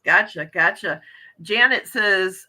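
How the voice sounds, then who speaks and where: A woman from Wisconsin hosts a relaxed morning chat stream. She talks in a chatty, easygoing way and reads viewer messages aloud. Her voice has a bright, forward tone. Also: mid-range voice, slow. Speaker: livestream host. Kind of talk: casual chat.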